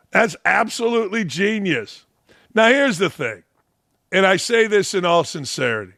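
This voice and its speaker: A brash man hosting a sports talk show, his voice pitched high and bright. He mocks and jokes through his opinionated commentary, close and dry on the mic. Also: a little slow, dry recording. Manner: brash and mocking, animated.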